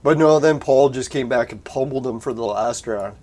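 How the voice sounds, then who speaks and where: A man on a casual live stream chatting from his home setup, laid-back and quick to swear and laugh. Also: mid-range voice, a little mellow. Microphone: desk mic through a soundboard.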